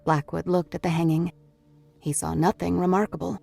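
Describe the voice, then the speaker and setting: A woman's voice: lowish voice, level tone, normal speed, creaky, warm tone, no echo, faint music behind. A woman reading a horror novel aloud as an audiobook narrator, in a scripted storytelling manner.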